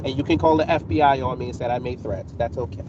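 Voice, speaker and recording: New male streamer, taunting and coolly threatening, set back from a muffled mic with clear background noise behind. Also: medium pitch, fast, far from the mic. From New York City. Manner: taunting, mocking, calmly menacing. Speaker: livestream host answering chat. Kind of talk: casual live-stream roasting.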